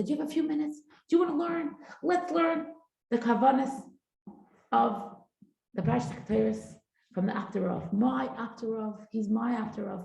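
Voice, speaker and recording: A woman's voice: on the low side, gravelly, dark tone, echoey room, low-quality recording. A middle-aged woman teaching a parenting class in a chatty, informal way, mixing Hebrew and Yiddish terms into her talk.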